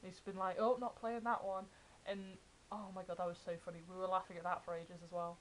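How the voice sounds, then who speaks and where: A woman's voice: on the low side, fast talker, slight background noise, poor audio. Chatty young woman vlogger. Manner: chatty, excited retelling of fan anecdotes. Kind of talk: casual storytelling vlog.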